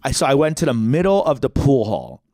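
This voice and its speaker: A man and podcast co-host telling a comedic story, animated, jumping into high-pitched quoted voices. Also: a little fast, no echo, clean studio sound.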